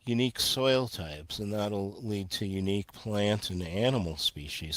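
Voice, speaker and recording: A man in a casual interview, explaining in a measured way with fillers and restarts. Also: low-pitched, fairly bright tone, dry recording. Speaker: guest, earth energy researcher.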